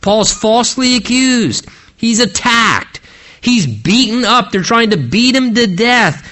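A man delivers a sermon in a high, lively voice that rises and falls widely. He retells the story dramatically and keeps turning to his listeners with rhetorical questions. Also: takes it slowly. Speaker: preacher. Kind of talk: expository sermon.

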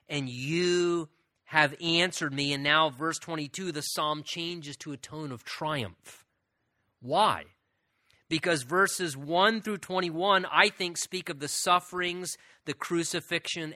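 A man's voice: mid-range voice, bright, forceful tone, dry recording, studio quality. A man preaching a sermon, teaching through Bible verses and reading them aloud with emphasis.

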